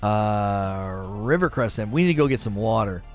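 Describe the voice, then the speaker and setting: Young guy streaming a game, laughs a ton, swoopy lively voice, faint music under it. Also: on the low side, normal speed. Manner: chatty, laughs often, mocking jokey asides. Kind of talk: casual gameplay commentary reading chat.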